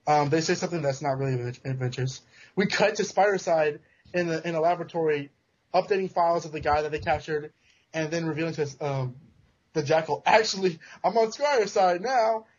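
A man's voice: fairly high pitch, fairly even intonation, fast talker. A man casually recapping a comic book on a podcast, joking and restarting his sentences, in a dull lo-fi recording. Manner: joking, self-interrupting storyteller. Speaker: podcast co-host. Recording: dull lo-fi sound.

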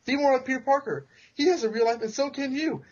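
A man's voice: extremely high pitch, quick pace, darkish tone, voice pushed up. A man voicing an earnest young male superhero who pleads with his foes, in a dull lo-fi recording. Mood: pleading. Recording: dull lo-fi sound.

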